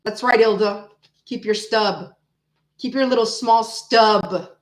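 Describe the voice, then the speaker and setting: A brash, chatty woman reads tarot live and swears freely. Her voice sits fairly high. It rings in an echoey room. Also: slow, slight background noise. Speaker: tarot reader. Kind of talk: live-stream tarot reading with chat.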